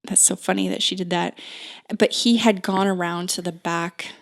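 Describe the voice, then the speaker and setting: A woman in her thirties telling a personal story as a podcast guest, unhurried and full of "like" fillers and restarts. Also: lowish voice, fairly even intonation, creaky.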